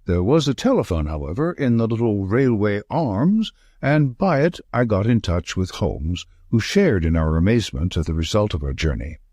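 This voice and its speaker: A man with a low voice narrates an audiobook in measured, storytelling tones. His intonation is lively, and the recording sounds dry and close. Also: no echo. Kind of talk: scripted narration.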